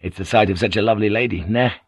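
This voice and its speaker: A man's voice: fairly low pitch, racing, husky, no echo, clean studio sound. A male audiobook narrator voicing a proud, direct foreign ship pilot, talking plainly. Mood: warm.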